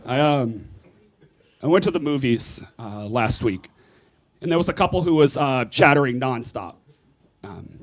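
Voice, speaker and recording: Recorded live through a stage mic amid audience noise, a man performs stand-up at a comedy club, animated and shouting his punchlines. His voice is a little high.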